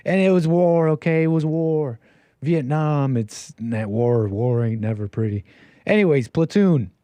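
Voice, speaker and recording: A man's voice: a little slow, dry recording. Jokey male call-in host, dry close mic. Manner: jokey, rambling, swings loud and high for emphasis. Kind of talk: casual livestream talk.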